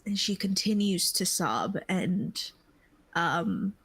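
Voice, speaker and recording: A woman narrating a tabletop game as game master, unhurried and searching for words. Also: mid-range voice, lively intonation, a bit bright, slightly rough, rough recording. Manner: unhurried, with many fillers and restarts.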